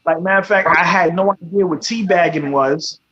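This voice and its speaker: A man talks on a radio show in a fairly high voice, blunt and profane, constantly asking his listener if they follow. The sound is a little dull and muffled. A faint hum of noise sits underneath. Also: normal speed, a bit bright. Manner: blunt and profane, peppered with "you know what I'm saying". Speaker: radio talk show host. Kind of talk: casual radio talk.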